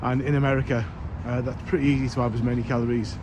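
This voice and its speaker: This male vlogger's mid-range voice moves at a quick pace with a level tone. He's tired but keeps things casual, chatty, and self-deprecatingly funny in his travel vlog, with loud street and crowd noise behind him.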